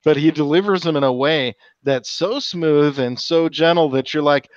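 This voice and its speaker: A man's voice: fairly high pitch, normal speed, dry recording, lo-fi sound. A man hosting a casual livestream chat, joking and swearing as he tells stories. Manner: crude, joking storyteller. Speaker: host.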